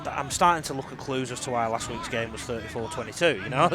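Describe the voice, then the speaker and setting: A man working as colour commentator at a local rugby league game, offering relaxed analysis and chatty side notes. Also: mid-range voice, fast.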